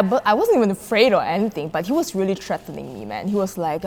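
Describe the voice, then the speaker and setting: A woman's voice: mid-range voice, quick pace, a little hiss or hum. Chatty woman, constant "like"s. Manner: animated retelling, heavy filler "like", frequent laughter. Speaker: podcast guest. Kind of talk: casual conversational storytelling.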